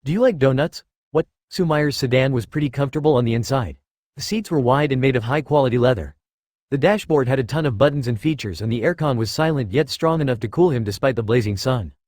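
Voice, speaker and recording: A man reading a fan fiction story aloud as narrator in a steady, even storytelling manner. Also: mid-range voice, fast talker, dry recording, clean studio sound.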